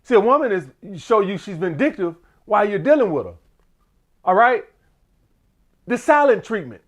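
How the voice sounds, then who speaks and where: High-voiced ranting man, profane and loose. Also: very animated, normal speed, a bit bright. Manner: loose, profane, repeats himself. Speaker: dating advice commentator. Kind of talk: ranting monologue.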